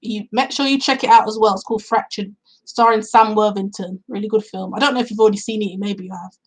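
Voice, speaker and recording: A woman chats through a film's plot for her vlog, her voice slightly husky and breathy at an ordinary middle pitch. She rambles step by step, piling on fillers and acting out her own reactions as she goes. She talks outdoors on a cool day. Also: steady tone, fast, rough recording. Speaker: film reviewer. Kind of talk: casual spoken film review.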